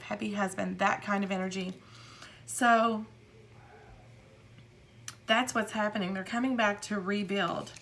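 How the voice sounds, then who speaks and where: A woman talks through a tarot reading in a loose, rambling way, doubling back on her words and slipping into little acted-out quotes. Her voice sits at an ordinary middle pitch. A faint hiss of noise sits under the recording. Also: creaky, fairly bright tone. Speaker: tarot reader.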